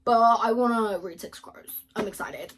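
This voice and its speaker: A woman's voice: on the high side, moderate pace, slight background noise. A young woman chatting casually and gushingly about books, laughing often as she talks. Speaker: book vlogger. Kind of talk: casual chat.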